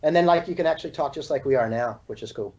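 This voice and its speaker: A man's voice: mid-range voice, darkish tone, husky. A man from California, a surfboard shaper, chatting loosely in an interview with lots of "like" and "you know". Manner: fast, loose talk full of "like" and "you know". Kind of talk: casual interview chat. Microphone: video call. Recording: dull, lo-fi video call audio.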